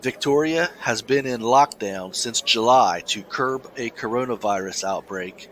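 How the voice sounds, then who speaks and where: A man co-hosting a casual podcast, talking in halting starts and restarts and reading a news story aloud. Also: mid-range voice, fairly bright tone. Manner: halting, many restarts, laughs easily. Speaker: podcast co-host.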